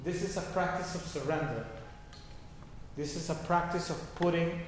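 A man's voice: on the high side, normal speed. A man teaching a guided laughter meditation class, giving instructions and checking in with a repeated "okay?". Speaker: yoga teacher. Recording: echoey hall with faint noise.

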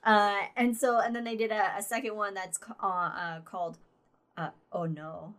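A woman's voice: mid-range voice, fairly even intonation, moderate pace, fairly bright tone. A woman co-hosting a casual podcast, rambling with frequent fillers and laughter. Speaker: podcast co-host. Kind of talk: casual chat.

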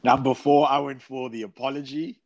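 A man with a South African accent, a podcast guest, talking in casual chat, hesitant and halting with fillers. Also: mid-range voice, steady tone, creaky.

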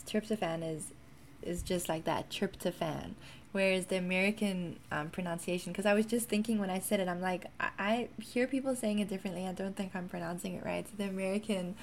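A woman's voice: medium pitch, slight background noise. A woman from South Africa with a mixed South African accent, chatting casually in a vlog, rambling with lots of ums. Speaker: wellness content creator.

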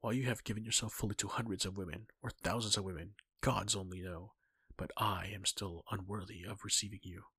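A man voicing a pleading, eager young woman in a fan-fiction reading, with a husky, breathy voice. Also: low voice, level tone, moderate pace, bright, forceful tone, dry recording, studio quality, heavily acted.

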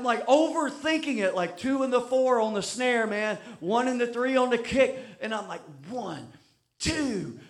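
High-voiced preacher telling stories. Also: male voice, a bit bright. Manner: storytelling, self-deprecating, rising to emphatic preaching. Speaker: pastor. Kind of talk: sermon.

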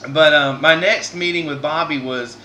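A man chats on his podcast and tells a heartfelt story in an easy, rambling way. His voice is very bright and a little high. He sounds earnest and often stops to restart a sentence. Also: normal speed, slight background noise. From Southern United States. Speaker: podcast host.

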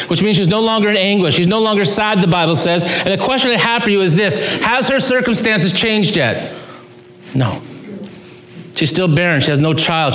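A man's voice: fairly high pitch, fairly bright tone, echoey room. A man preaching a sermon as pastor, earnest and emphatic, with sudden rises and drops in his voice.

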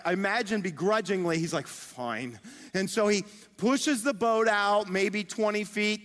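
A male pastor delivers a sermon, telling a story in a chatty, animated way. His voice sits fairly high. It rings out with a long hall reverb, as in a large sanctuary.

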